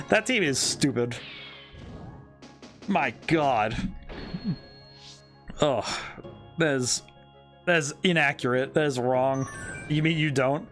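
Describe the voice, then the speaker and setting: Man, game streamer, joking commentary, bright voice, faint music behind. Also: medium pitch, takes it slowly, pauses often. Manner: excitable, jokey, chats with viewers.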